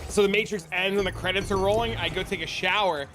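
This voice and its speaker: A man's voice: sits high, fairly even intonation, fast talker, music in the background. A man streaming a game and telling crude joking stories in casual chat, swearing often.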